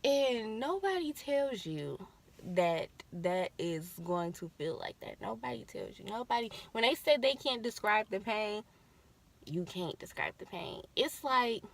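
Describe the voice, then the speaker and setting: A young woman co-hosting a casual chat, telling her labor story in an animated way and acting out her own screams. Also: medium pitch, unhurried, vocal fry. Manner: animated, acts out screams and quotes.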